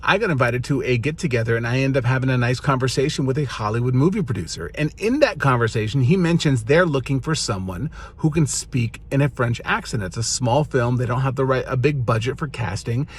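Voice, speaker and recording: A man in his thirties spins a comic anecdote from his own life. His voice is slightly husky and sits at a middling pitch. He grows animated as he builds toward each punchline. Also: a little fast, hardly any pauses. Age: 30s. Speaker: storyteller. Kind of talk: comic personal storytelling.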